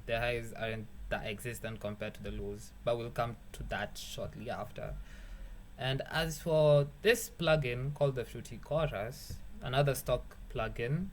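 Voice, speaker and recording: A man's voice: medium pitch, slight background noise. A young man hosting a beat-making tutorial in a loose, rambling way, swearing casually and joking at his own expense. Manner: rambling, self-mocking, swears casually, laughs at own jokes. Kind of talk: casual screen-recorded tutorial.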